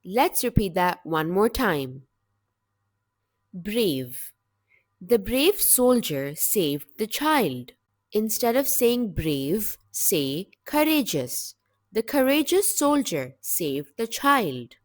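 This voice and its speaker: A woman teaching English vocabulary in a slow, deliberate scripted lesson, with measured, clear word-by-word delivery. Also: medium pitch, sing-song, no room sound, clean studio sound.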